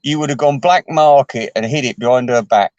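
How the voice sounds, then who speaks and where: A man chatting to his viewers in a rambling, sweary way, chuckling often and jumping his voice up high. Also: a little fast, darkish tone, no room sound, muffled recording. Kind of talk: casual rambling chat.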